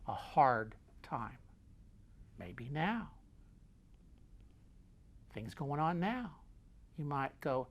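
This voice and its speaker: A man's voice: mid-range voice, takes it slowly, long pauses. Middle-aged male host, folksy motivational speaker, hammers his points home by repetition. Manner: emphatic, repeats key phrases, swings loud and quiet; folksy, talks with his hands. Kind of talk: motivational talk.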